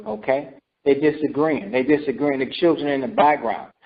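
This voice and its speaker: A man's voice: mid-range voice, moderate pace. A man teaching scripture in a sermon, repeating himself and asking "right?" and "okay?" as he goes. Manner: repetitive, calls for responses with "right?" and "okay?". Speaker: teacher leading scripture study. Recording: dull lo-fi recording.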